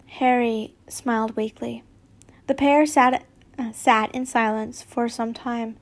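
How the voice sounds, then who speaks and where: A woman reads fanfiction aloud at an unhurried pace in a fairly high voice. She stumbles, corrects herself and drops chatty asides along the way. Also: fairly even intonation. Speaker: fanfiction reader.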